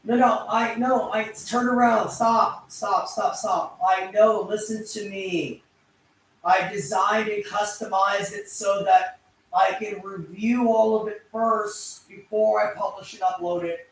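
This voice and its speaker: A man with a high voice speaks slowly as he narrates his own vlog. He repeats his words and pleads, and his talk is full of grand phrases. The sound is roomy and picked up from well away from the mic. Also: fairly even intonation, fairly bright tone, a little hiss or hum. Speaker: YouTube vlogger. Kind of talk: self-narrated vlog, arguing off camera.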